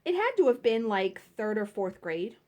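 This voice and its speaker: A woman's voice: medium pitch, sing-song, normal speed, darkish tone. A woman vlogging casually while she cross stitches at home, telling stories and laughing at herself. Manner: chatty storytelling, laughing at herself.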